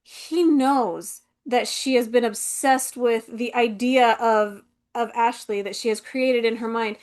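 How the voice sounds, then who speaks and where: A woman with a notably high voice co-hosts a relaxed podcast. She talks in a loose, rambling way, full of fillers, as she unpacks a book and its film adaptation. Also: slow pace. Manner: rambling, filler-heavy, acts out characters' lines. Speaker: podcast co-host. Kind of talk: casual book-and-film review chat.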